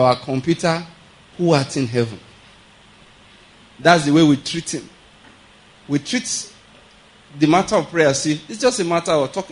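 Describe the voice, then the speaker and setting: A man's voice: fairly high pitch, rough recording. A man preaching a sermon in a conversational teaching manner, often checking that the listeners follow and chuckling as he goes.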